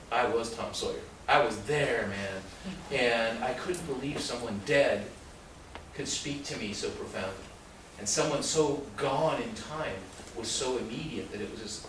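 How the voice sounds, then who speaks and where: Guy telling stories to a library crowd, laughs a lot, voice jumps up high, super echoey room, mic kinda far off. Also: noisy background. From born in Mexico, raised in San Diego. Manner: lively, laughing storyteller with sudden jumps up in pitch and loudness. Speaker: author giving a library talk. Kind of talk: storytelling talk to an audience. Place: public library event room.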